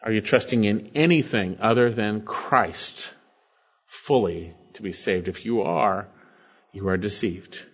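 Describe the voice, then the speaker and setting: A pastor preaching an expository sermon, reading scripture aloud and explaining it, swinging between emphatic and quiet delivery. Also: male voice, fairly low pitch, unhurried, slightly rough, highs cut off.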